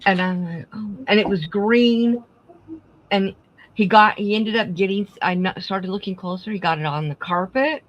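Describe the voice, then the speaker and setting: A woman's voice: mid-range voice, moderate pace, muffled recording. A middle-aged woman hosting a craft live stream, casually telling family stories and acting out the dialogue. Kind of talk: casual storytelling chat.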